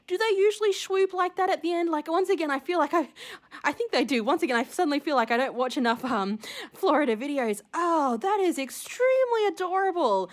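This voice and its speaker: Gushing woman, high and lively. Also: brisk. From Australia. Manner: gushing, excitable, rambling with many fillers. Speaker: shell-collecting vlogger. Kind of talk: casual unboxing vlog.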